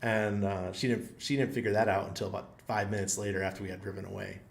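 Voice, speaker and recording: The man running this channel meanders through an amusing tale, mocking himself and laughing a lot. His fairly low, gravelly voice barely moves in pitch and comes at a quick pace, with roomy echo around it.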